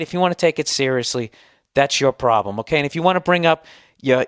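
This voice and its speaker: A man's voice: medium pitch, a bit bright, dry recording, studio quality. A middle-aged man with a Boston accent hosting a podcast, delivering a sarcastic, profane, heated rant. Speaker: podcast host. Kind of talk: ranting monologue.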